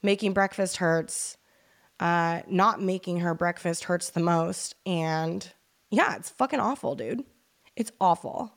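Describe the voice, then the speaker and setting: A woman's voice: fairly low pitch, takes it slowly. A woman co-hosting a podcast in casual chat, blunt and swearing freely, joking at her own expense while grieving and holding back tears. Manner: blunt, swears freely, self-mocking jokes. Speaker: podcast co-host.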